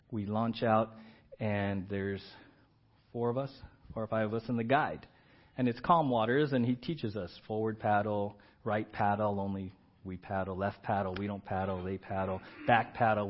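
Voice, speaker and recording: A middle-aged man preaching a sermon, telling a story and acting out shouted commands with rising pitch and volume. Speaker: pastor. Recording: dull, slightly lo-fi church audio.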